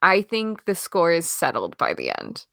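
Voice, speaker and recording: Chatty woman, low voice, dry sound. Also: moderate pace, vocal fry, dry recording. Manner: animated, many fillers and restarts. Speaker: podcast co-host. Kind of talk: casual film discussion.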